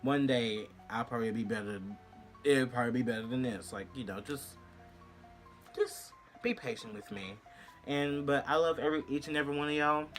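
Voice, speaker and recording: A young man telling a storytime vlog in an animated, profane way, swinging from shrieks to low murmurs. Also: normal speed, faint music behind. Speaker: vlogger.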